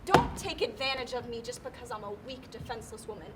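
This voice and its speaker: A woman's voice: fairly high pitch, sing-song, fast talker, very noisy. A woman playing a distraught, pestering woman petitioner in a live stage play, whiny and theatrical, recorded on a school stage. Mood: pleading. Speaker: stage actor.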